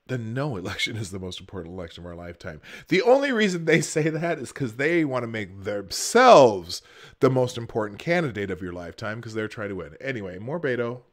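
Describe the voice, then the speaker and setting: A man hosting a live stream who talks over a speech clip with sarcastic commentary. His pitch swings widely and animatedly as he rambles, restarting his sentences and filling gaps with ums. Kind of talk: casual commentary.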